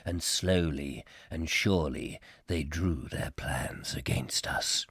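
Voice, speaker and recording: Man doing a gravelly, hushed sci-fi narrator, deep and slow, doom in every word. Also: no room sound, clean studio sound, exaggerated voice. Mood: ominous. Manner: slow, dramatic, hushed delivery.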